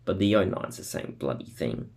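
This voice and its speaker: A young man talks through his day in a loose, rambling video diary. His voice sits low with a gravelly fry, and he fills the gaps with ums and small chuckles. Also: lively intonation, normal speed, darkish tone. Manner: rambling, filler-heavy, chuckling. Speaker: vlogger. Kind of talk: casual daily video diary.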